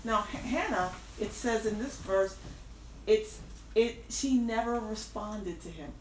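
A woman's voice: medium pitch, measured pace. Woman preacher, emphatic and repetitive, roomy echo, mic set back from her. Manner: emphatic, repeats key phrases. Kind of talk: sermon. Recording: echoey room, distant mic, faint background noise.

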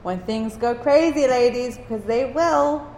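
A woman slowly and earnestly encouraging a women's group with a faith talk. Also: a little high, a little mellow, reverberant, big-room sound, slight background noise, poor audio.

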